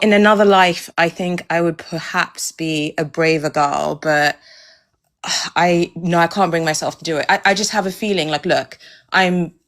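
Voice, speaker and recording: Woman calling in, kinda low voice, hesitant, laughs at herself a bit. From Nigeria. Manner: hesitant, self-deprecating. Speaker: caller. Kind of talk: casual chat.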